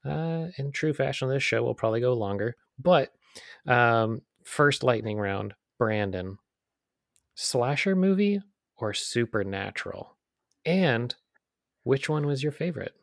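A man's voice: medium pitch, expressive, a little slow, creaky, no echo, clean studio sound. A man co-hosting a casual podcast chat, rambling with lots of "like" and fillers. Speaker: podcast co-host.

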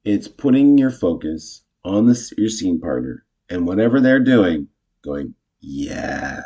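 Low-pitched man, husky voice, chatty improv teacher, muffled lo-fi sound. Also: a little slow. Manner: chatty, self-correcting, animated when acting out lines. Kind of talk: casual teaching talk with acted example lines.

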